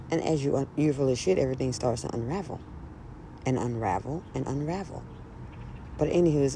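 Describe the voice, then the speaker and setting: Woman, casual rant, gravelly, mellow tone, outdoors, faint traffic behind. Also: deep voice. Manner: blunt and profane, with emphatic repetition. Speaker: vlogger. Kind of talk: casual ranting monologue. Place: outdoors in the breeze.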